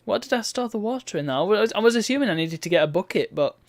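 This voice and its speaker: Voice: medium pitch, expressive, fast, no echo. A streamer giving wry, bemused commentary while reading a game's text aloud. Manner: wry, bemused asides between read-out lines.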